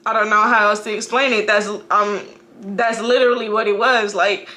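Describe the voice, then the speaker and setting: Bright-voiced woman telling a painful story. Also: mid-range voice, fairly even intonation. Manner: halting, emotional storytelling with frequent restarts and profanity. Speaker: mother. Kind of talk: personal testimony to camera.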